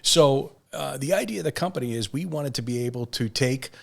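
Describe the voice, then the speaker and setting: A man in a mid-range voice, a company CEO, answering podcast questions with upbeat, earnest enthusiasm. He explains his business clearly, like a practiced pitch. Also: animated, a little fast. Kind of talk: interview answers.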